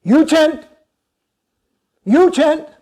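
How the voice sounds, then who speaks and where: A man voicing a short, fiery male holy man who shouts brief orders, high and loud against his own voice. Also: lively intonation, extremely slow, full character voice. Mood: commanding.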